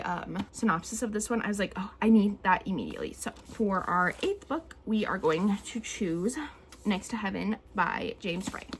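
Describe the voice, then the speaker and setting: A woman's voice: mid-range voice, husky. A young woman chatting casually to camera about her reading plans, rambling with many fillers. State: teary, emotional. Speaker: booktuber.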